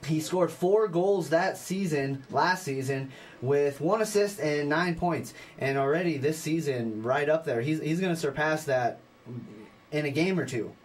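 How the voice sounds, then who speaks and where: A man's voice: fairly high pitch, a little slow, a little hiss or hum. A young man hosting a college radio sports show, chatting casually and running through game stats with fillers and restarts.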